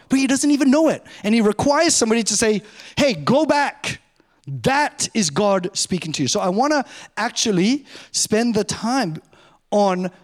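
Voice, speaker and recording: A middle-aged man, a pastor, giving a sermon in a conversational, self-mocking way, speeding up and slowing down often. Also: high-pitched. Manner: conversational, self-mocking, varies pace a lot.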